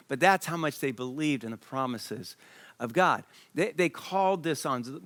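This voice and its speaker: A man preaching on a church stage, his voice sitting a little high. He moves between reading scripture and telling an animated story, acting out the dialogue. He grew up partly in Liberia. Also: no echo. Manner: lively, reads scripture then tells a story with quoted dialogue. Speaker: pastor. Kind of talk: sermon with storytelling.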